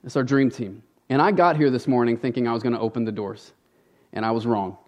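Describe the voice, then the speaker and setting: A man's voice: mid-range voice, a little fast, darkish tone. A man preaching a sermon from a church stage, talking in a conversational, emphatic way and often appealing straight to the congregation. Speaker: pastor.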